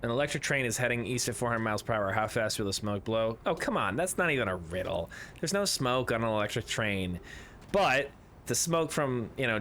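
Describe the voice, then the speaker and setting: A man's voice: on the low side, fairly bright tone, a little hiss or hum. A man streaming a video game, chatting casually and rambling through jokes while reading chat aloud.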